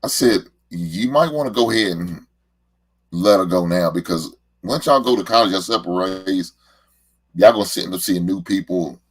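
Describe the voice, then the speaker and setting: A man's voice: sits low, normal speed. A middle-aged man, a show host and father, talking in a casual, heartfelt monologue and often repeating words as he rambles.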